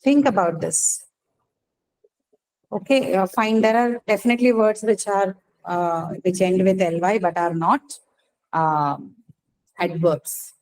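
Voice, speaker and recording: A woman teaching an English class, explaining slowly and checking in with "right?" after each point. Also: mid-range voice, a little mellow, poor audio. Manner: explains patiently, says "right?" often. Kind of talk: online class lecture.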